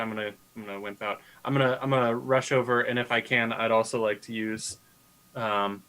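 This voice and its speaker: A man with a bright, forceful voice plays a tabletop role-playing game. He talks hesitantly and pokes fun at himself. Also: mid-range voice, clean tone, poor audio. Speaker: player.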